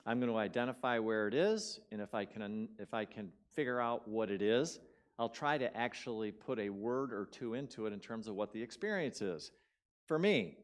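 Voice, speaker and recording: A guest preacher with a mid-range voice delivers a storytelling sermon in a church sanctuary, keeping it conversational. His volume rises in loud bursts and falls to quiet drops, and he repeats words for emphasis.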